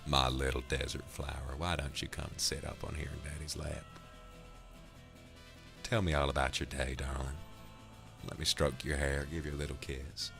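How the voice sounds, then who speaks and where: A man voicing a flirtatious, smooth-talking cowboy with a put-on Texan accent, calling everyone darling. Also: a bass voice, flat delivery, moderate pace, long pauses, music in the background. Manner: drawling, sweet-talking, calls everyone darling. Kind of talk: character voice on a livestream.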